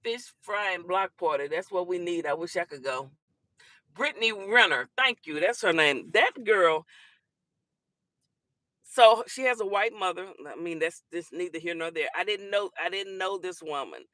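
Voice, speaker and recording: A woman hosts a casual livestream talk show, answering her chat in a teasing, animated way. Her voice is bright and forceful. The sound is close and dry, with no room around it. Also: on the low side, normal speed, dry recording. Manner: teasing, animated, laughs often.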